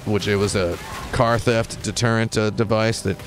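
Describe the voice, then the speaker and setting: Wry American male streamer, lowish voice, rambling mock rants over loud game music. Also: steady tone, moderate pace. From United States. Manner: wry, tangent-prone, mock-indignant rants. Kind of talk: rambling live-stream commentary. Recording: game music playing behind.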